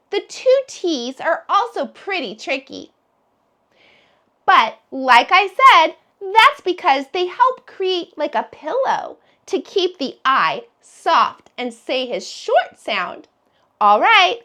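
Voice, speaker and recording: A woman teaching a phonics lesson to preschoolers, sounding out letters slowly in a sing-song way. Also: high-pitched, pushed and bright. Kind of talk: phonics lesson for young children.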